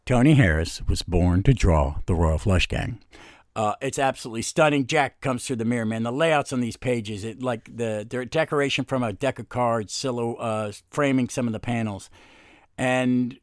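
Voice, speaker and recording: A man's voice: mid-range voice, moderate pace, dry recording. Rambling comic podcast man, dry sound. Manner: rambling, with many fillers and restarts. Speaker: podcast host. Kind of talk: casual comic book review chat.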